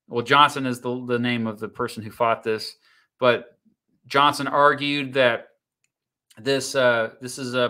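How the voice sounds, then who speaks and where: A man's voice: medium pitch, bright, forceful tone. A man hosting a casual livestream, reading viewer comments and explaining court rulings in a chatty way with plenty of fillers and restarts. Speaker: YouTube host reading live chat.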